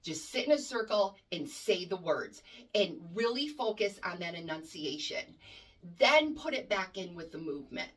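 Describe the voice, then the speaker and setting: A woman's voice: fairly low pitch, very animated, moderate pace, husky, far from the mic. Brief: woman cheer coach, instructional and emphatic, heard a bit away from the mic. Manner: emphatic, demonstrates chants loudly.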